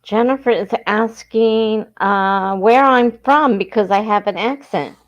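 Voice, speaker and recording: A woman's voice: mid-range voice, a little slow, muffled recording. A woman from southern New Jersey with a South Jersey accent, hosting a casual livestream, chatting and reading viewer comments aloud, laughing often. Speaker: livestream host.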